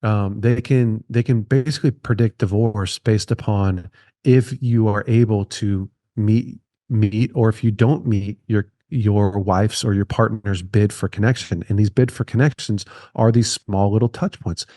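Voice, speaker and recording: A man's voice: lowish voice, steady tone, measured pace, dark tone, dry recording, clean studio sound. A man in his thirties, a podcast guest speaking earnestly and repeating key phrases for emphasis. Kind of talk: conversational podcast interview.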